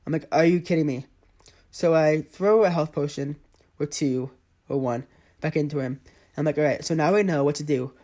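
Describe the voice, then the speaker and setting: A man's voice: a little high, normal speed, mellow. A man giving casual play-by-play commentary over his own mobile game footage, often exasperated. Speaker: gaming channel host.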